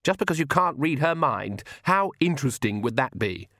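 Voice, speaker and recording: A man's voice: mid-range voice, very animated, normal speed, fairly bright tone, no room sound, clean studio sound, voice pushed up. A man voicing a sneering, haughty young female vampire in a snide, scornful tone.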